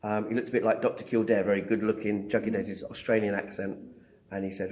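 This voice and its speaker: In an interview, a middle-aged man, a psychic medium, tells his story fast in a voice on the low side. His delivery is animated, with acted-out dialogue and many hesitant ums.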